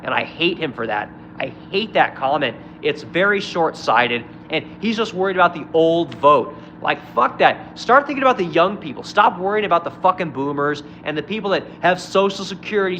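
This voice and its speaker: A man's voice: on the high side, bright, forceful tone, slight background noise, poor audio. A man talking into his phone on a live stream, swearing constantly in a blunt, heated political rant while answering chat. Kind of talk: angry profane political rant.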